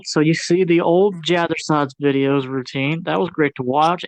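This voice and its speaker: Man, podcast co-host, casual, slangy, jokey, fairly high voice, dry sound. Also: fairly even intonation, moderate pace, hardly any pauses, no echo. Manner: slangy, jokey storytelling with playful put-on voices. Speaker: movie review podcast co-host. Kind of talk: casual chat.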